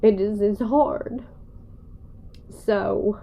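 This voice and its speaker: A woman's voice: fairly low pitch, unhurried, gravelly, dark tone. A woman vlogger talking to her viewers while crying, in a rambling, folksy way. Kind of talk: emotional personal vlog.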